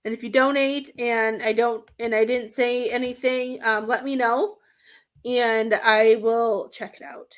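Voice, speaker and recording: Woman, psychic medium on a live stream, rambling, hesitant, slightly high voice. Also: steady tone, a little slow. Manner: rambling, hesitant, searching for words.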